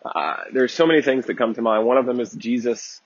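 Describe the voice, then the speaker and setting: A man's voice: medium pitch, brisk, husky, lo-fi sound. A man giving a conversational Bible teaching talk, earnest and digressive, often restarting his sentences.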